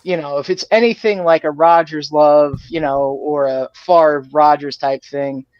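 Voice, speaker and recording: A podcast guest talking casually about football in a measured way, hedging often. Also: medium pitch, steady tone, no room sound. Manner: measured, hedging with "you know". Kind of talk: casual sports podcast chat. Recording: dull, dry, muffled sound.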